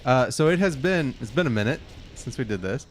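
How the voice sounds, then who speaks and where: A man's voice: mid-range voice, animated, a little fast, faint music behind. A man hosting a casual gaming podcast, telling rambling anecdotes with laughs and swearing. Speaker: podcast host. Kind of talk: casual chat.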